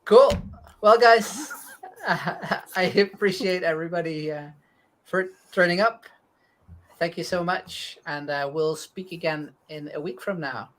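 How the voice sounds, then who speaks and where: A man's voice: a little high, measured pace, a bit bright, a little hiss or hum. A man hosting a casual online chat with friends, easygoing, stumbling over words and laughing often. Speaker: host.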